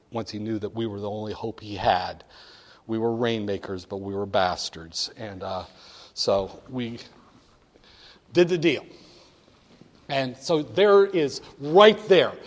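An older man wryly telling a candid story, briefly acting out the voices of people in it. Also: mid-range voice. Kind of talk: storytelling anecdote. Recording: long hall reverb.

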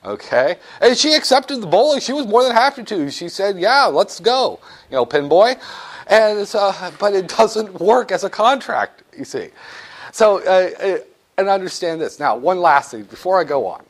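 A man's voice: sits high, moderate pace. A man teaching business law to a class, joking and acting out little scenes as he lectures. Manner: animated, jokey, acts out little scenes.

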